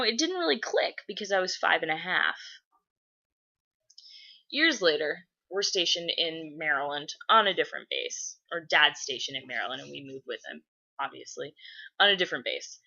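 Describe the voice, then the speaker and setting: A woman's voice: on the low side, normal speed, lo-fi sound. A young woman vlogging, telling a childhood story and answering viewer questions, swearing freely and acting out the voices of the people in it. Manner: animated, profane, acts out voices in her stories. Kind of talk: casual storytelling to camera.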